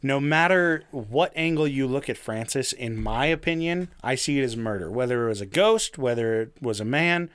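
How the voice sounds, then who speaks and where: A man's voice: medium pitch, expressive, moderate pace, hardly any pauses, a bit bright, clear, resonant tone. A man casually recounting a crime story, swearing freely and laughing as he goes. His talk is loose, full of restarts and fillers. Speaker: podcast co-host telling a true crime story. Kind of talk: casual chat.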